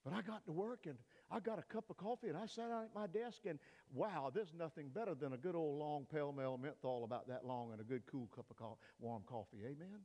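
An older man, a pastor, preaching an emphatic sermon in a church, swinging between loud peaks and hushed asides. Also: on the high side, brisk, few pauses. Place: church sanctuary. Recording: long reverb of a church hall.

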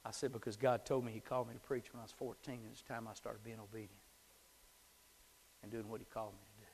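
A man's voice: fairly low pitch, level tone, quick pace, slight background noise. Preaching man in a reverberant hall. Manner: swings from hushed whispers to shouted climaxes. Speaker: pastor. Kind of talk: sermon. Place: church sanctuary.

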